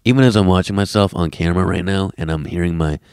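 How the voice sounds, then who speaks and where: A young man from Queens, New York, hosting his own comedy podcast, ranting in a brash, mocking, profane way with a smooth deep radio voice, recorded on a laptop mic. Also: fast, darkish tone, no room sound, studio quality. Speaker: podcast host. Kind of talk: comedic solo podcast rant. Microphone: laptop camera mic.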